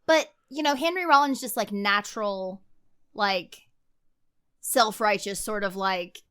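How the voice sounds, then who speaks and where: A woman's voice: mid-range voice, measured pace, sharp tone, clean tone. A woman co-hosting a podcast, casually and animatedly reviewing a film, full of "like" fillers. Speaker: podcast co-host. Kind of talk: casual movie review chat.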